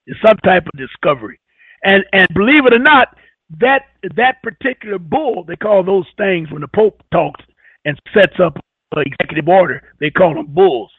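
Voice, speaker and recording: A man hosting a radio talk show, rambling and halting as he repeats words while searching for them. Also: sits high, lively intonation, breathy edge, no echo. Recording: tinny phone-like radio audio.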